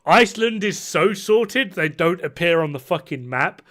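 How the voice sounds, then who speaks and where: A man's voice: sits high, expressive, moderate pace, fairly bright tone. Swearing, rambling young man streamer. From half Norwegian. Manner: rambling, heavy swearing, frequent restarts. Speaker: game streamer. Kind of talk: casual chat while gaming, reacting to chat.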